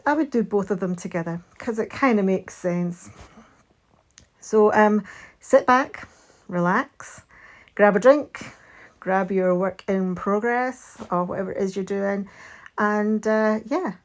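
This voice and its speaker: A woman from Scotland with a thick Scottish accent hosts a crafting channel, rambling casually through a myth as she crafts, with many fillers and restarts. Her voice is mid-range and the audio quality is poor.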